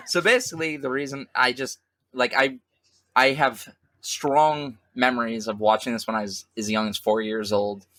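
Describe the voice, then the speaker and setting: A podcast co-host chats casually, rambling with lots of "like" and restarts. His mid-range voice is steady and fairly bright, at a moderate pace, with no room sound.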